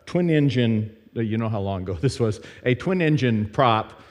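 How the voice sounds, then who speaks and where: A man's voice: mid-range voice, expressive, normal speed, darkish tone. A middle-aged man from Nashville telling a story in a casual, self-deprecating sermon at a church service, with lots of fillers and asides. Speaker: speaker teaching at a church service. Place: church sanctuary. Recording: long hall reverb from a church.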